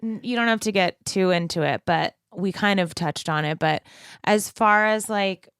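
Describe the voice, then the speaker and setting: A woman co-hosting a podcast, chatty and animated, asking questions in casual conversation. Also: mid-range voice, moderate pace, clear, resonant tone, dry recording, clean studio sound. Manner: chatty, animated, laughs often. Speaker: podcast co-host.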